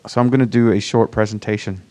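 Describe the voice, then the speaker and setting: A man from Virginia with an accent that mixes American and British, giving a casual, self-deprecating startup pitch to a conference audience with many fillers and restarts. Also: fairly even intonation, fast, a little mellow. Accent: mixed American and British. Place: conference room before a live audience.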